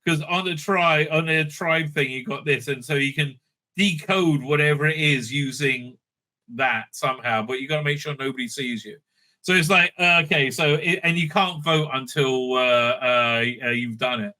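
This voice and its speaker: A man rambles through a reality show recap, crude, mocking and full of fillers. His voice sits a little high and sounds very bright and sharp. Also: normal speed. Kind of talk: casual recap commentary. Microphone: streaming setup mic.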